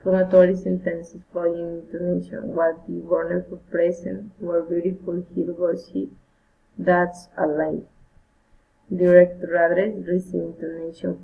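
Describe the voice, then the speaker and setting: Slow, gravelly woman reading drills. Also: fairly low pitch, completely flat delivery. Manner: careful, halting word-by-word reading with repeats. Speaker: English learner. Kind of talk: reading pronunciation drills aloud. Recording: tinny phone-like recording.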